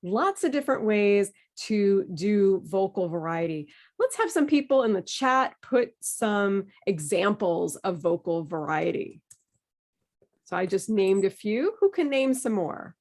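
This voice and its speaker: A woman's voice: mid-range voice, lively intonation, measured pace, a little mellow. A woman leading an online voice workshop over a video call, playful and encouraging. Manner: playful, encouraging, demonstrates emotions with her voice. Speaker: workshop leader.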